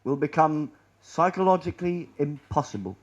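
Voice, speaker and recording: A man giving a public presentation in a lecture room, rambling and sardonic, often trailing off quietly. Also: fairly high pitch, expressive, moderate pace, dull audio.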